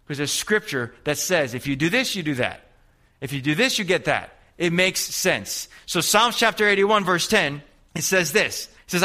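A man's voice: fairly high pitch, lively intonation, normal speed, pushed and bright. A man preaching a sermon as a youth preacher, emphatic and repeating phrases, calling on the congregation to answer back. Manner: call-and-response, urging the congregation.

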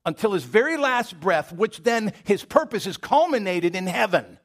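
A man's voice: high-pitched, big pitch swings, moderate pace, fairly bright tone. A man preaching a sermon in a conversational storytelling manner, addressing the congregation directly.

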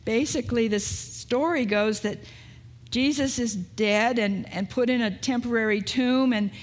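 A middle-aged woman pastor delivers a sermon in a fairly high voice. She takes her time, with long pauses between phrases. She tells the story plainly and often poses rhetorical questions to the congregation.

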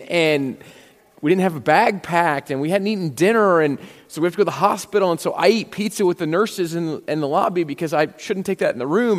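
A man preaching a sermon as a pastor, telling stories in a conversational way and acting out the dialogue. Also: fairly high pitch. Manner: conversational storytelling with quoted dialogue. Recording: long hall reverb.

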